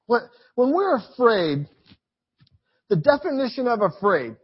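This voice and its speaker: A man preaching a sermon to his church, emphatic and repetitive, swinging between loud urging and quiet reflection. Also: very high-pitched, big pitch swings, measured pace, pauses often, husky, muffled recording.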